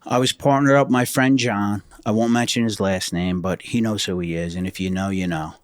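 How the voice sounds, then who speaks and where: Man, former state trooper, blunt profane storyteller, acts out quotes, low-ish voice, dry close podcast mic. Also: fairly even intonation, fairly quick, no room sound.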